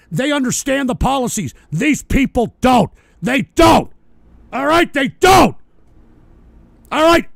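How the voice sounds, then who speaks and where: A man with a very high voice and a gravelly edge rants angrily as host of his own talk show. He swears constantly, and his delivery swings between a low grumble and outright shouting. The sound is close and dry, with no room around it. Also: no room sound. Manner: profane, ranting, often shouting. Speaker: podcast host. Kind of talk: angry political rant on a talk show.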